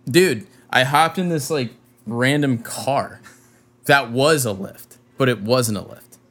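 A young man who is a touring musician tells a story in casual conversation, speaking slowly at a medium pitch. He is animated, swears and uses heavy slang, and acts out what people said.

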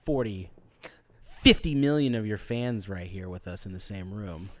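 Low-voiced man hosting playfully. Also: lively intonation, moderate pace. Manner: playful, joking. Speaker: host. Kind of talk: casual interview.

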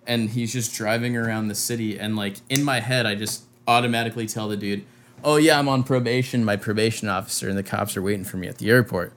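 A young man, a touring musician, telling a story in casual chat, animated and full of slang and swearing, acting out what people said. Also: on the low side, fast talker. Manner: animated, heavy slang and swearing, acts out quotes.

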